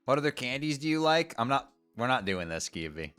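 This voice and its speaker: A man's voice: medium pitch, very animated, a little fast, a bit bright, clean tone, faint music behind. A young man streaming, chatting casually and joking between readings.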